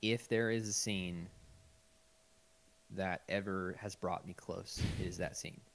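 A man's voice: low voice, steady tone, slow pace. A man hosting a podcast in casual chat, introducing voicemails and laughing easily with his co-hosts. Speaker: podcast host.

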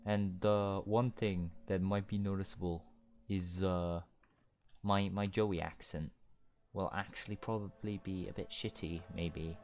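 A man with a deep, low voice talks through a video game playthrough. He rambles and drifts between topics in a laid-back way. He swears freely as he plays. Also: fairly even intonation, a little slow, darkish tone, slight background noise. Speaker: let's play gamer. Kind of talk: gaming commentary.

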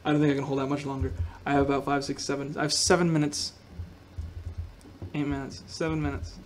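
A man's voice: mid-range voice, little pitch movement, fast, a little hiss or hum. A young man commentating his gameplay in a goofy, rambling way, talking to himself and to viewers. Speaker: gaming video host.

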